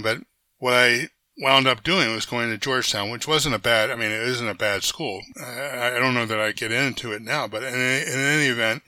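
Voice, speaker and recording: An older man with an extremely bright, sharp-edged voice tells a long personal story to an interviewer. The sound is dry and close, with no room around it. He speaks in a lively, animated way, restarts his sentences often, and jumps into the voices of people he quotes. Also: medium pitch, no room sound. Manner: animated anecdote-teller who acts out quoted voices; frequent restarts and self-corrections. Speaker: interview guest. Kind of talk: conversational storytelling.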